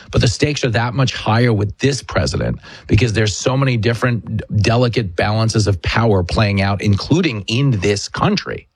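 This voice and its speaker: A male talk show host delivering a forceful, emphatic monologue. His voice is husky at a medium pitch. The recording is dry and close with no room sound. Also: no echo. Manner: combative, emphatic storyteller. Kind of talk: political commentary monologue.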